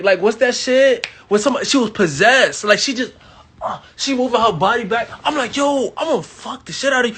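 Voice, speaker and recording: A young man from Miami telling a crude story to his live audience, animated and swinging between loud bursts and hushed asides. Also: high voice, breathy edge. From Miami, Florida. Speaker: livestream host.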